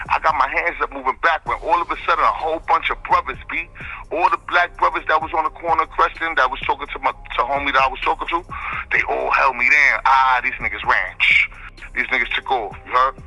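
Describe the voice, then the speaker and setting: A man tells a long street story in a very bright, forceful voice, full of slang. He rambles and keeps checking in with his listener, while faint music plays underneath. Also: mid-range voice, low-quality recording. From the Bronx, New York. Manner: slangy, rambling, keeps asking "you know what I'm saying". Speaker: interview guest.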